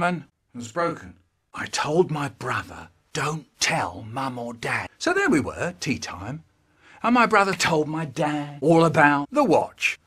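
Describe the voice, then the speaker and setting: Male storyteller, husky tone, slightly high voice, theatrical. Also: a bit bright. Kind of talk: spliced comic storytelling for children.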